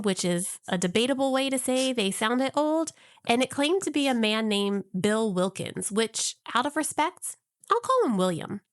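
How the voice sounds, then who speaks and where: A woman's voice: a little high, dry recording, clean studio sound. A woman co-hosting a podcast, telling a story in a casual, wry and jokey way. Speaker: podcast co-host.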